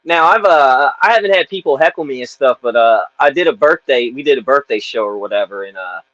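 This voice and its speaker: A man's voice: medium pitch, expressive, fairly quick, a bit bright, no room sound. Folksy country-accented man, lo-fi dry audio. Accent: Southern US country. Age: 40s. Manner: folksy, loose storytelling, many "you know"s. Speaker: interview host. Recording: dull, lo-fi, dry sound.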